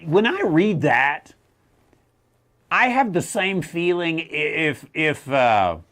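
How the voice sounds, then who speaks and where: A middle-aged man, a theologian, answering a question in casual teaching talk, wry and animated, often slipping into mocking voices. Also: fairly high pitch, slow pace.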